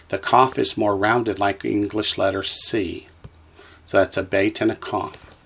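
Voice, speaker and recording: A man's voice: on the low side, gravelly, fairly bright tone. A man teaching a beginner Hebrew lesson, reading from a textbook and naming each letter patiently for listeners to repeat.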